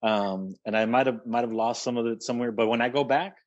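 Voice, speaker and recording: A man's voice: mid-range voice, fairly even intonation, fast, lo-fi sound. A man from the Rio Grande Valley in Texas, chatting casually in an easygoing, thoughtful way. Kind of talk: casual conversation.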